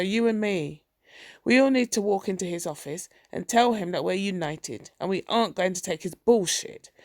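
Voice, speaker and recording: A blunt, guarded woman bank officer who talks plainly and firmly, as the woman reading the audiobook puts her on. The voice is gravelly, dry and close to the mic. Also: mid-range voice, no room sound, lightly acted.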